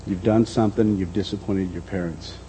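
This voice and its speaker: A middle-aged man preaching a reflective sermon as a pastor, dropping to a soft voice and then lifting it again. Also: sits low, fairly even intonation, fairly quick, a little hiss or hum, poor audio. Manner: reflective, speaks softly then lifts his voice.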